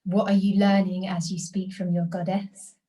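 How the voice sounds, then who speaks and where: A woman leading a guided group workshop over a video call, speaking in a calm, encouraging way that invites reflection. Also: medium pitch, moderate pace, low-quality recording. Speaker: workshop facilitator.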